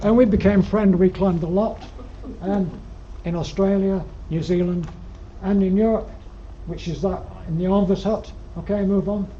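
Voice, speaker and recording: A man's voice: sits high, steady tone, normal speed, few pauses, warm tone. An older man with a Yorkshire accent giving a rambling, dryly humorous slide-show talk to a club, with plenty of ums, on a dull lo-fi recording. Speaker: guest speaker at alpine club. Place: lecture room. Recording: dull lo-fi recording with faint noise.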